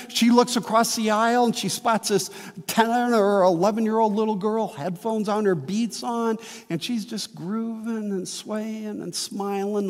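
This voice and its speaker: Male pastor, high-pitched, slow and emphatic sermon delivery, long hall reverb. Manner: earnest, emphatic preaching with slow dramatic pauses.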